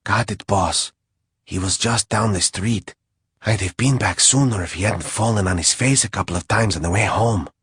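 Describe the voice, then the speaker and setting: A man's voice: fairly low pitch, moderate pace, a bit bright, husky, dry recording. A man voicing a dry, sardonic small flying creature who serves as a loyal familiar. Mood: wry.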